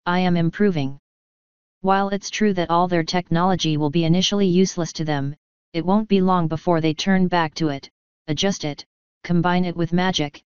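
A woman's voice: on the low side, a little mellow, clear, resonant tone, dry recording, highs cut off, lightly acted. A woman reading the part of an ambitious, exasperated female unicorn leader who lectures.

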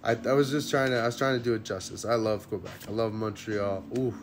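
A man hosting a card-opening video, chatting casually to viewers and getting excited, jumping high when good cards show up and dropping to quiet murmurs in between. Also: fast, a little hiss or hum. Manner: excitable, jumps up high when hits appear, then drops to low murmurs. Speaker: card-opening channel host. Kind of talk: casual unboxing chat to viewers. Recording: music playing under the voice.

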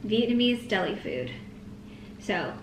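American woman, food vlog co-host, high animated voice, playful, faint room hum. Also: takes it slowly. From United States. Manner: playful, teasing. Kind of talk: casual food vlog chat. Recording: roomy, faint ambient noise.

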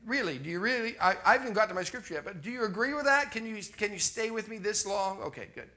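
A man's voice: high voice, animated, quick pace, pushed and bright. A Canadian man preaching a sermon in a conversational way, repeating his refrains and often checking in with the congregation.

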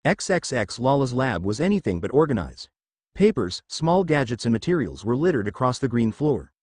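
A man narrating a fan fiction story in an expressive reading style. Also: mid-range voice, normal speed, no echo, studio quality.

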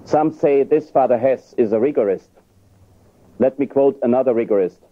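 A priest giving an emphatic lecture on church teaching, arguing with rhetorical questions. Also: male voice, mid-range voice, normal speed. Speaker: priest and theologian. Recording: tinny lo-fi archive recording.

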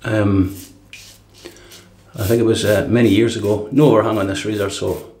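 A man's voice: fairly low pitch, moderate pace. Chatty man shaving in an echoey bathroom. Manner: relaxed, chatty, says "right" often. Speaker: shaving vlogger. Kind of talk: casual shave demonstration. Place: home bathroom. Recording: echoey bathroom with faint water noise.

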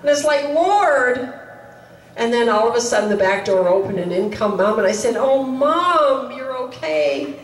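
A woman's voice: mid-range voice, steady tone, quick pace, hardly any pauses. A woman preaching a sermon in a chapel with earnest urgency, repeating her key lines for emphasis. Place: chapel hall. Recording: roomy, distant mic, faint noise.

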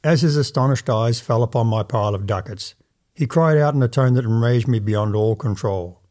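A man narrating an old first-person story as a measured, formal audiobook reading. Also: medium pitch, a little mellow.

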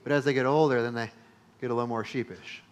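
A male pastor preaching a sermon, emphatic, repeating phrases and building to loud peaks. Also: medium pitch, steady tone, quick pace.

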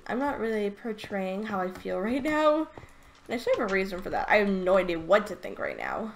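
An excitable woman narrates her gameplay in loose, gushing commentary, stumbling and repeating herself as she goes. Her voice sits at an ordinary middle pitch. A faint hum runs under the recording. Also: fairly quick, vocal fry. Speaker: let's play gamer.

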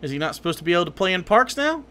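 Male streamer, high voice, swings widely, sarcastic and cursing, political reaction commentary. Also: very animated, racing, pushed and bright, clean tone. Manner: sarcastic, profane, heated.

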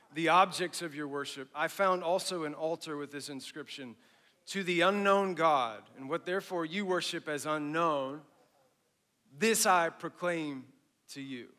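A middle-aged man preaching a sermon as pastor, with animated emphasis that drops to a hush at phrase ends and casual asides to the congregation. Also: on the high side, a little slow.

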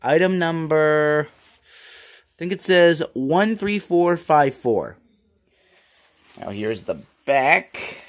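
A man's voice: on the high side, sing-song, extremely slow, long pauses. Chatty man reviewing a toy. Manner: rambling, chatty, with fillers. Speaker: toy collector YouTuber.

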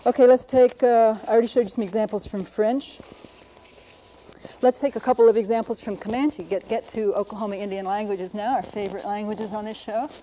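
Woman teaching phonetics on tv, warm low-key tone, sounds words out, bit of hiss behind. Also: fairly even intonation, rough recording. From United States. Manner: explanatory, brisk, demonstrating sounds aloud. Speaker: linguist presenter. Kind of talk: televised linguistics lesson.

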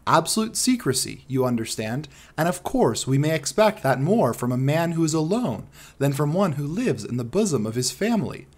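A wary, secretive colonel in his forties speaks with a German accent, as a male narrator puts him on. He presses every point with insistence and a lively, slightly raised delivery. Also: fairly high pitch, normal speed, few pauses. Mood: insistent. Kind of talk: audiobook character reading.

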